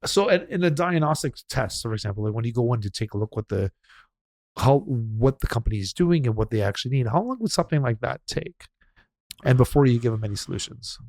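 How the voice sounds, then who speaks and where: Fast-talking chatty male podcast host. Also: medium pitch, lively intonation, a little mellow, no room sound, clean studio sound. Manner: fast, chatty, restarts and laughs. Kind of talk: casual interview chat.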